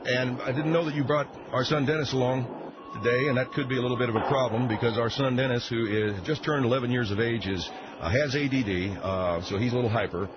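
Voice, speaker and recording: A man's voice: mid-range voice, fast, close to an everyday voice. A man playing a folksy, rambling middle-aged mechanic who hosts a call-in car show in a comedy radio sketch. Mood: blustering. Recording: muffled lo-fi, loud background noise.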